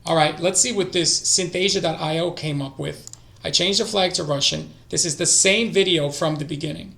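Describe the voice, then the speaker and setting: Gravelly-voiced man muttering through a stream. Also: a little high, normal speed. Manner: talks to himself, drifting into quiet mutters. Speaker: streamer learning languages. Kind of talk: casual live-stream study session. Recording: echoey room.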